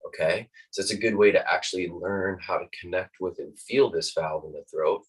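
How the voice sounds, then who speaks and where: A man teaching a guided breathing lesson, calm and instructive, demonstrating each breath aloud. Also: deep voice, moderate pace, breathy edge, recorded from a distance, poor audio.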